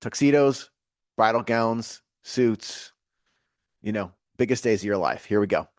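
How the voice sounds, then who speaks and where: A man's voice: lowish voice, measured pace, no echo, studio quality. A man with a Southern US accent, a podcast guest telling his story in a wry, easygoing way. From Atlanta, USA. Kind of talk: casual podcast conversation.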